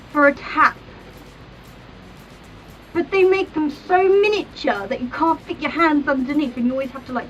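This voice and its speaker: A young woman vlogging a chatty comedic rant, animated and exaggerated, in a dull, distant recording with faint music behind. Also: high-pitched. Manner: animated, exaggerated, acts out little scenes.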